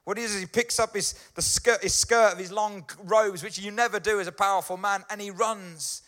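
A man preaching a friendly, chatty sermon in a fairly high voice, pausing to check in with his listeners. His tone is bright and forward. He sounds middle-aged. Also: steady tone. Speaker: pastor. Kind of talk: conversational sermon.

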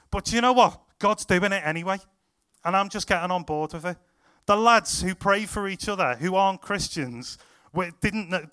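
A young man preaching to a youth group, retelling stories with excited, animated quotes. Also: high-pitched. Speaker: youth pastor. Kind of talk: sermon storytelling to a youth group.

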